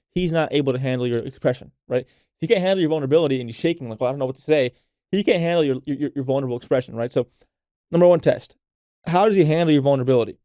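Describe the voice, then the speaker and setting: Mellow-voiced man coaching unfiltered. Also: medium pitch, no echo, clean studio sound. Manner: unfiltered, swears freely, frequent "right?" tags; coaching tone addressed to women listeners. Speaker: podcast host. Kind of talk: casual solo podcast talk.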